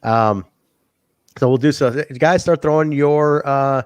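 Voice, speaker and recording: A man's voice: a little high, slow pace, clear, resonant tone, dry recording. A man co-hosting a wrestling podcast in casual chat, swearing freely, rambling and laughing often. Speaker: podcast co-host.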